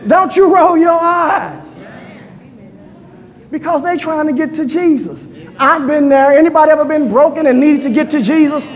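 A man preaching a fervent sermon to his congregation, calling out to them and often shouting. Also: extremely high pitch, moderate pace, long reverb tail. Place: church hall.

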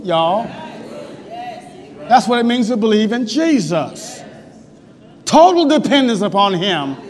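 A male pastor preaching a sermon in a church, swinging between loud, emphatic shouting and low, quiet passages. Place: church sanctuary. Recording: long hall reverb.

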